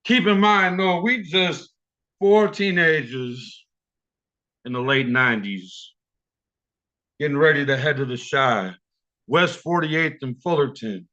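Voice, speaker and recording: Male open mic storyteller, profane and vivid, bright voice, lo-fi call audio. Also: fairly high pitch, slow pace, long pauses.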